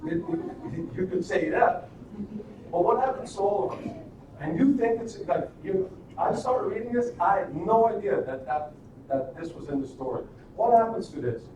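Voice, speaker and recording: A man's voice: sits high, normal speed. A man hosting a live stream, retelling a fairy tale in a casual, rambling way and turning it into a motivational talk full of rhetorical questions. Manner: animated, rambling, with frequent restarts and rhetorical questions. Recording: echoey room, distant mic, noisy.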